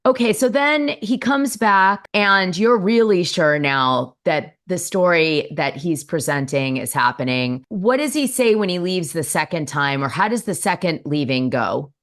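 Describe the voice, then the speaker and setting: A woman's voice: on the low side, animated, a little slow, hardly any pauses. A woman hosting a podcast, asking probing follow-up questions and recapping her guest's story. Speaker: podcast host. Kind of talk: interviewing a guest.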